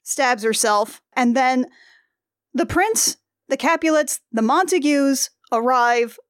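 A high-pitched woman rattles off a story in a loose, joking podcast chat. Her voice sounds close and dry. She talks in a sarcastic, animated way. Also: slow, dry recording. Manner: sarcastic, animated, acts out characters in quotes. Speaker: podcast co-host. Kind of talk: comedic casual summary.

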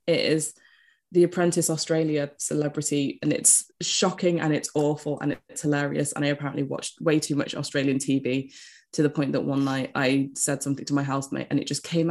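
A woman co-hosting a podcast, chatting in a relaxed way with frequent ums. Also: low-pitched, gravelly. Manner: relaxed, hesitant, with many ums. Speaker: podcast co-host. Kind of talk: casual chat on a call.

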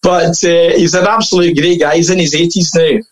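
A man's voice: fairly high pitch, fairly even intonation, a little fast, poor audio. A man telling anecdotes as a podcast guest in a casual, chatty way, laughing often and full of fillers and restarts.

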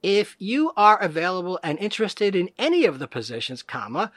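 Guy reading spam emails out loud deadpan, says every comma, highish voice, dry close sound. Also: brisk, no room sound. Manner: reads every punctuation mark and space aloud, dry and mocking. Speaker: comedic reader. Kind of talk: deadpan reading of scam emails aloud, punctuation included.

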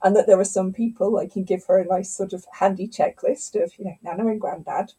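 Woman, middle-aged, interview guest, storytelling, dark mellow voice, breathy edge. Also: mid-range voice, a little fast, few pauses, low-quality recording. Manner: animated storyteller, acts out quotes. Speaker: scientist and author, guest. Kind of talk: conversational interview.

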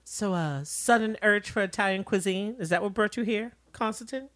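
A woman co-hosting a casual recap show, narrating the plot in a measured storytelling way. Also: mid-range voice, crowd noise. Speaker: podcast co-host.

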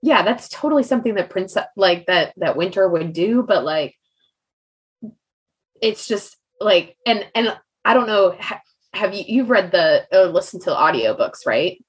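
A woman's voice: medium pitch, lively intonation, normal speed, low-quality recording. A woman co-hosting a podcast, chatting casually about a book and rambling with lots of "like" fillers. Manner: rambling, heavy use of "like" fillers. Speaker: podcast co-host. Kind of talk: casual book discussion chat.

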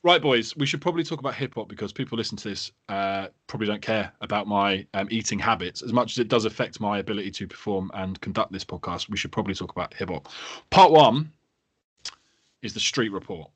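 Sweary laddish bloke hosting. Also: male voice, on the low side, quick pace, slightly rough, dry recording. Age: 30s. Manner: laddish, sweary, laughing storyteller. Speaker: podcast host. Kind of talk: casual podcast banter.

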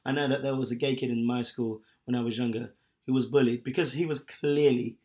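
A man's voice: medium pitch, steady tone, a little fast, warm tone. A young man chatting candidly and at length, rambling with lots of fillers. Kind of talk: casual chat.

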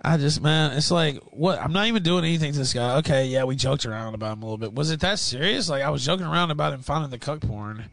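A man hosting a livestream, delivering an angry, profane rant that swings between yelling and low muttering, mocking his critics. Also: quick pace, creaky, hardly any pauses, no room sound. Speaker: livestream host.

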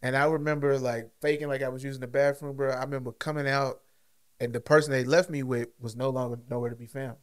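A podcast co-host with a smooth, mid-range voice talks fast as he tells a story in casual, slangy chat. He's animated, acting out what people said.

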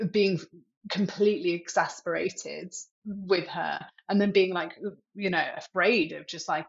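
A woman's voice: lowish voice, dull audio. A woman in her thirties, a tech executive, answering interview questions openly and reflectively, with many fillers like "like".

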